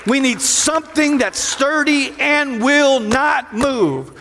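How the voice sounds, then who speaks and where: A middle-aged man preaches a sermon in a high-pitched voice. He calls on his congregation for responses and slips into quoted voices with shouts. The sound rings through a large hall with long reverb. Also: expressive, takes it slowly, a faint crowd, a little hiss or hum. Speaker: pastor.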